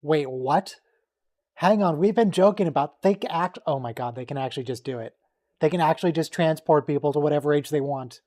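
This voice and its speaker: A man hosting a casual watch-along stream, joking and quickly reacting to what's on screen and teasing his friends. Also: on the high side, dark tone. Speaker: stream host.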